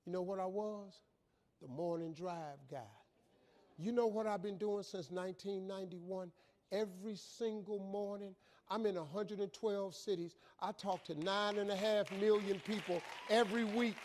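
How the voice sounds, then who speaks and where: A man telling a motivational story in a high, lively voice. He is colloquial and animated, and he acts out each exchange. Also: normal speed. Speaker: motivational speaker. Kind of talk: storytelling speech.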